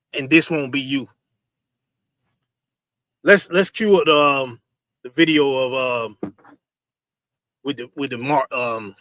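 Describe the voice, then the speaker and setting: A man leads a religious gathering in a somewhat high, bright voice. He speaks directively, checks with listeners that they follow, and gives instructions to his helpers. The sound is dry with no room echo. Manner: directive, checks understanding with "you understand?". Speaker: religious teacher.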